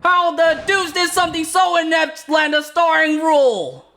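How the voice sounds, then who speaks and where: A streamer voicing a pompous, eccentric English gentleman detective with a florid, theatrical delivery. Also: medium pitch, lively intonation, moderate pace, pitched above the performer's own voice, lightly acted. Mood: exasperated.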